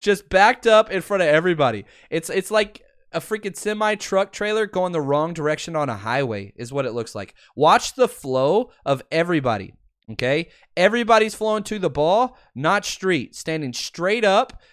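A man hosting a podcast, talking excitedly through game film and addressing his viewers. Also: on the high side, normal speed, no room sound, studio quality. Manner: excitable, swears, talks to viewers. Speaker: podcast host. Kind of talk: film breakdown commentary.

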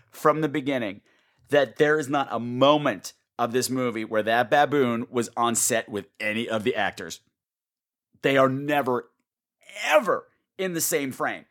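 A man's voice: medium pitch, fairly bright tone. A man hosting a podcast, ranting sarcastically about a bad movie, swearing and squealing as he acts out scenes. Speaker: podcast host. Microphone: home mic turned up high.

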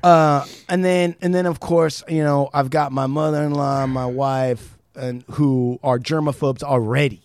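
A man hosting a podcast in casual chat, telling animated stories and laughing often. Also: medium pitch, measured pace, few pauses, clear, resonant tone, dry recording. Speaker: podcast host.

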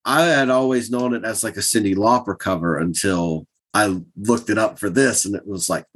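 A man's voice: lowish voice, normal speed, fairly bright tone, husky. A man co-hosting a casual podcast chat, speaking in an easygoing, hesitant way with many restarts. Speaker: podcast co-host.

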